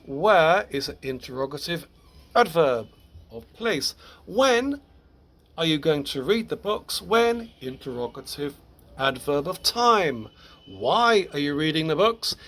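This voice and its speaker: Slow, patient man teaching grammar. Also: fairly high pitch, a bit bright. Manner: patient, explanatory, with occasional small laughs. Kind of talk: recorded language lesson.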